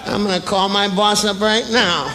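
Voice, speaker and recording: A stand-up comedian in his act, playing a sloppy drunk man who holds a grudge and slurs, mumbles and bursts out loud. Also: high voice, steady tone, normal speed, lightly acted. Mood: grudging. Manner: slurring, mumbling, sudden loud outbursts. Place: comedy stage before a live audience. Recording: noisy live club with audience laughter. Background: crowd laughter.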